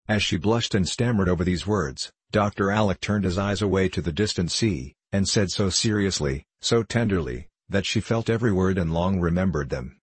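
A man reading a classic novel aloud in measured, even storytelling. His voice is very low and husky, and the recording is close and dry with no room around it. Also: no room sound. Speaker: audiobook narrator. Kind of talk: scripted narration of a classic novel.

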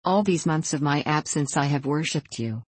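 An earnest, impulsive young man in love speaks eagerly, as a woman reads his lines. The voice is low, heard close and dry. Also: normal speed, husky, no room sound. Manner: eager, earnest storybook speech.

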